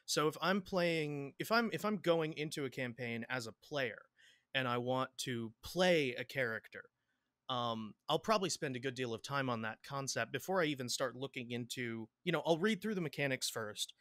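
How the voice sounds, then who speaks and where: A man's voice: mid-range voice, expressive, normal speed, a bit bright, no room sound, studio quality. A man chatting as a podcast guest, rambling with restarts and repeated words, laughing often. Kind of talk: casual interview chat.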